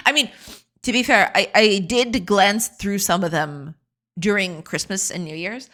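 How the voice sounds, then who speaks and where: A woman game developer streaming live, chatting casually, explaining her work slowly and often restarting mid-sentence. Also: medium pitch, a bit bright. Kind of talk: casual livestream chat.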